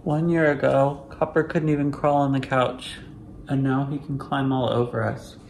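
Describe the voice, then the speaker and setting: Chatty dad vlogging on a phone. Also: male voice, mid-range voice, flat delivery, moderate pace, vocal fry, a little mellow. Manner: chatty, upbeat, talks to camera. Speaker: family vlog host. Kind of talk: casual vlog narration. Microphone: handheld phone camera. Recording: noisy phone video audio.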